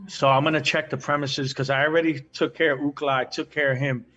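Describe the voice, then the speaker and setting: Dude playing tabletop, kinda hesitant, ums a lot, pushes for advantage, dull muffled call audio. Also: male voice, a little high, flat delivery, fairly quick, a bit bright. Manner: hesitant, full of fillers, pushy about rules. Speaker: player. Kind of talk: playing a tabletop game, casual.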